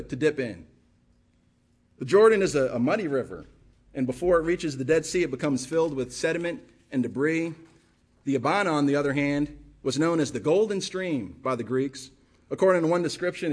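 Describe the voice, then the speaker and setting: A male pastor preaching a sermon with passion, firing rhetorical questions and repeating phrases for emphasis. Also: fairly high pitch.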